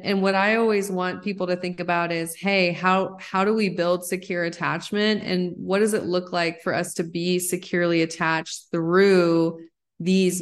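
A woman in her thirties, a psychologist guest on a podcast, explaining ideas in an animated, excited way. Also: lowish voice. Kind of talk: podcast interview.

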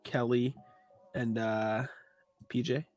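A sniffly man co-hosting a casual sports chat, talking in a halting way and clearing his throat often. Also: mid-range voice, steady tone, a little mellow, no echo, soft background music. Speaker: co-host of a sports talk stream.

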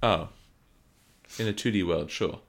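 A man co-hosting a podcast in casual comedic chat, playful and quick to laugh. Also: low-pitched, gravelly. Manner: playful, laughs often, riffs on jokes. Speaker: podcast co-host.

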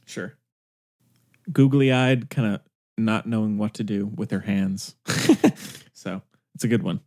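A man's voice: on the low side, slow, darkish tone. A man hosting a film podcast in casual chat, easygoing and a little distracted, often restarting his words. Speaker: podcast host.

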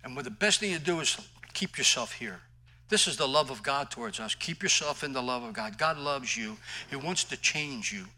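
A man's voice: medium pitch, lively intonation, moderate pace, bright, forceful tone, low-quality recording. A male pastor preaching a sermon in an emphatic, conversational way, mixing scripture with personal stories.

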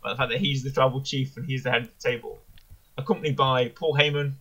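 A man's voice: mid-range voice, fairly even intonation, quick pace, fairly bright tone, breathy edge, rough recording. A man co-hosting a casual review podcast, rambling enthusiastically and correcting himself as he goes. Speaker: podcast co-host. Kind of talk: casual wrestling review chat.

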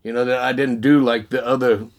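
A man telling his testimony in a casual, animated way, often laughing and acting out the dialogue. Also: mid-range voice, fairly quick. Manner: animated, laughing storyteller who acts out dialogue. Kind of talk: casual spoken storytelling.

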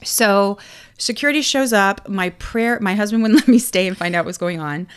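A Texan woman co-hosting a casual chat, telling travel stories in a lively way and acting out what people said. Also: mid-range voice, moderate pace, clean tone. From Texas. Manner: animated storyteller, acts out quotes. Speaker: podcast co-host.

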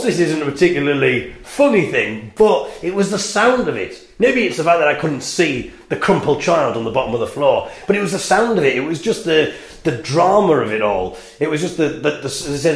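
A man's voice: fairly high pitch, gravelly. A man hosting his own podcast, telling a rambling story with wry, self-mocking humour. He records in a small toilet at a music venue. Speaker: podcast host and band member. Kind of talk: casual storytelling monologue. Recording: echoey small toilet room.

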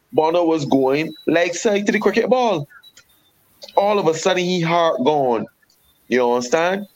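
A man with a West Indian accent, a regular panelist arguing heatedly about cricket in a repetitive, emphatic way. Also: a little high. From Caribbean. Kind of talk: heated sports debate. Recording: dull lo-fi sound.

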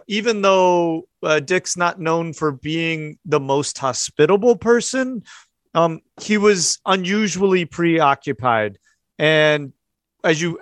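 Male game master, slightly higher voice, thoughtful and halting, dry close recording. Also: fairly bright tone, no room sound. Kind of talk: narrating a tabletop game.

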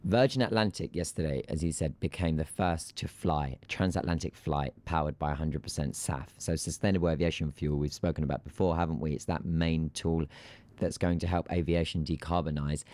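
A man co-hosting an aviation news podcast, talking in a casual, animated, ranting way. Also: low voice, moderate pace, dry recording. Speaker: podcast co-host.

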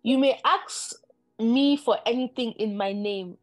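A woman reading scripture aloud in a steady, deferential way during a sermon. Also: fairly high pitch, measured pace, no room sound. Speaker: scripture reader.

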